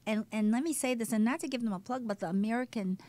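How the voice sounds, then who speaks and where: A woman's voice: fairly high pitch, fast, no echo. Candid woman sharing her survival story. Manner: candid, animated, shifts between loud and hushed. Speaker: guest, breast cancer survivor. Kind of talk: emotional personal testimony.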